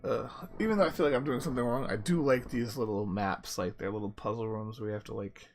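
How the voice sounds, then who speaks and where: A man's voice: fairly low pitch, quick pace, soft background music. A young man casually commenting on his gameplay, chatty and reacting aloud as he reads game text. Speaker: gaming video host.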